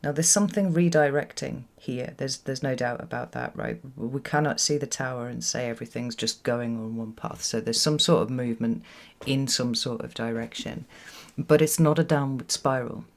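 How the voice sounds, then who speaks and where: A tarot reader with a mid-range, creaky voice and a moderate pace delivers a reflective solo reading straight to camera. She often repeats words for emphasis and checks in with "right?", recording at home with children close by.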